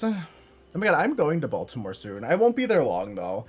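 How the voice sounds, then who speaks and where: A man's voice: on the high side, wildly swooping pitch, brisk, slightly rough, soft background music. A man live-streaming from home, chatting casually with viewers, rambling with lots of fillers and frequent laughs. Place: home room.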